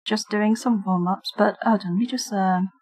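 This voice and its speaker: A woman's voice: mid-range voice, fairly even intonation, normal speed, darkish tone, husky. A British woman streamer chatting casually with her viewers while she draws, often breaking into giggles. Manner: giggly, talks while drawing and reading chat. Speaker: streamer and digital artist. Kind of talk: casual livestream chat.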